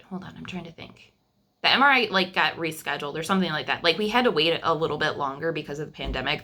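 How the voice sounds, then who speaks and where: Young woman vlogger, low and crisp, candid and chatty, storytelling to camera. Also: pushed and bright. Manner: chatty and candid, with frequent fillers and restarts. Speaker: vlogger telling her family's story.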